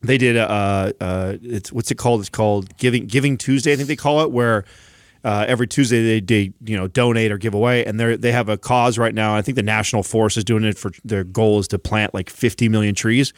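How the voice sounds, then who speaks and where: A man's voice: fairly low pitch, fairly even intonation, a little fast, no echo, clean studio sound. A man hosting a podcast in casual chat. He rambles, restarting his sentences as he goes. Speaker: podcast host.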